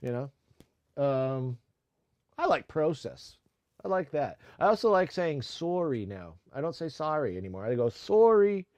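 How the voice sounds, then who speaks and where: A man's voice: medium pitch, sing-song, moderate pace, a little mellow, dry recording. A man hosting a casual music-making live stream, rambling with lots of fillers and restarts. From United States.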